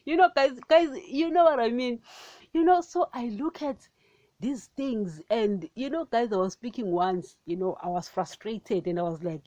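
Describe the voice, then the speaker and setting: A woman giving an informal spoken sermon on her podcast, animated and chatty, calling her listeners "guys" over and over and laughing now and then. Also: fairly high pitch, moderate pace, dry recording. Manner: animated, repeats "guys" constantly, laughs often. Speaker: podcast preacher.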